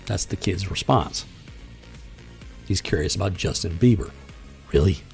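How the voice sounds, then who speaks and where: Gravelly low-voiced man ranting sarcastically. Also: animated, a little slow, a little mellow, faint music behind. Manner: sarcastic, exasperated, rambling with restarts. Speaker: host reviewing comics. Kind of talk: casual commentary reading comic dialogue aloud.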